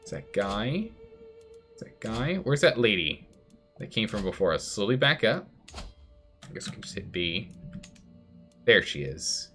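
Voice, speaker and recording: A man's voice: on the low side, very animated, unhurried, long pauses, pushed and bright, soft background music. A man streaming a strategy game live, chatty, thinking aloud and answering chat as he plays. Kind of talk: live gameplay commentary.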